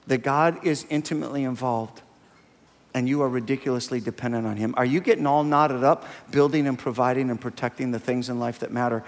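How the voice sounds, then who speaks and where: A man preaching a sermon as a pastor, animated as he retells a story in another man's words. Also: mid-range voice, long reverb tail. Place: church sanctuary.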